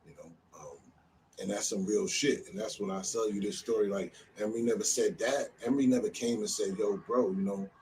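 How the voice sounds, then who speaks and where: A man from New Jersey casually telling a street story in a loose, animated way, often filling with "you know what I'm saying.". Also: on the low side, a little fast, recorded from a distance, a little hiss or hum, low-quality recording.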